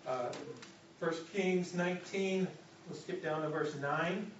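A male pastor preaching a sermon, moving between loud urgent passages and soft hushed ones. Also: a little high, slow, far from the mic, slight background noise. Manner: dynamic preaching, drops to a soft hush for God's voice. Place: church hall. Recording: echoey, muffled hall recording from afar.

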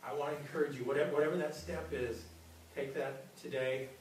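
A man's voice: mid-range voice, steady tone, fairly quick, darkish tone, a little hiss or hum. A man preaching a sermon as pastor, earnest and often repeating his words. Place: large church hall. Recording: very echoey hall, mic from far.

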